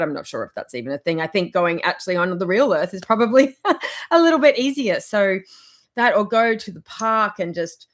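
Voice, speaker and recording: A woman giving casual motivational advice in a vlog, rambling and chatty, with frequent laughs. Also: on the low side. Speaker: wellness vlogger.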